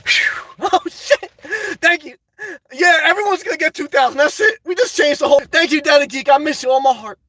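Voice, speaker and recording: A man live-streaming, chatting to viewers in a high-energy, effusive way as he answers their messages. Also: brisk, sharp tone. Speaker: live streamer reading chat and donations. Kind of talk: casual live-stream chat.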